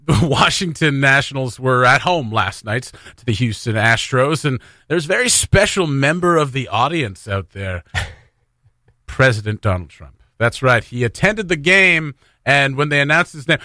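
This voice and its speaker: A man's voice: medium pitch, expressive, moderate pace, bright, forceful tone, no room sound, clean studio sound. A man co-hosting a casual morning radio show, joking and laughing often as he chats.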